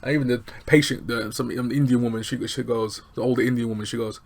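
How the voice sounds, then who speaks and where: A man with casually recapping a TV episode, animated and chatty, acting out lines from scenes. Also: mid-range voice, quick pace, creaky, hardly any pauses. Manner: animated, chatty, acts out quotes. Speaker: TV show reviewer.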